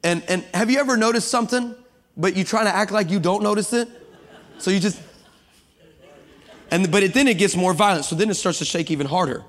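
A man preaching a sermon to a congregation, lively and humorous, building up to shouting passages. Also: high-pitched, a little fast, pauses often. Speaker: guest preacher. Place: church sanctuary with congregation. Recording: long hall reverb.

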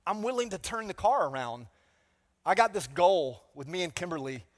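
A man preaching a sermon as pastor, energetic and playful, calling out to the congregation for responses. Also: high-pitched, moderate pace, in a large hall.

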